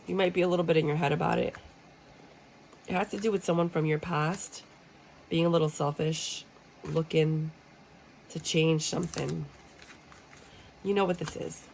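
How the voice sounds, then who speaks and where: Blunt, gravelly-voiced woman tarot reader. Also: deep voice, steady tone, normal speed, pauses often, darkish tone, slight background noise, low-quality recording. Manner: blunt, joking, acts out clients' reactions. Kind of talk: casual tarot reading. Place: room with a squeaky chair.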